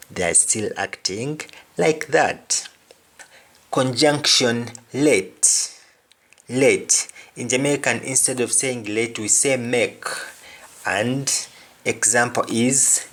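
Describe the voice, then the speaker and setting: A man's voice: mid-range voice, takes it slowly, a bit bright. A man teaching a spoken language lesson, repeating each word and example phrase twice.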